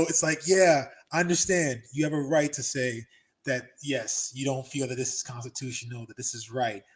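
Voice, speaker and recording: Animated storytelling man, higher voice. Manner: animated storyteller, acts out quotes loudly. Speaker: podcast host. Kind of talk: casual chat. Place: Los Angeles.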